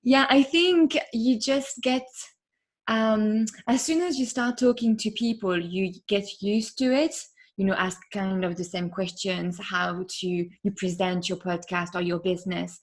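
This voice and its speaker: A woman podcast host being interviewed, talking casually with many fillers and soft laughs. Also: medium pitch, fairly even intonation, measured pace.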